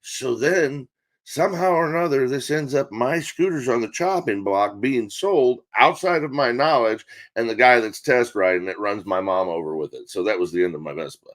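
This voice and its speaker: A middle-aged man telling a long comic story on a talk show, swearing freely and acting out quotes in a deadpan way. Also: mid-range voice, moderate pace. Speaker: comedian guest. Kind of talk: profane storytelling.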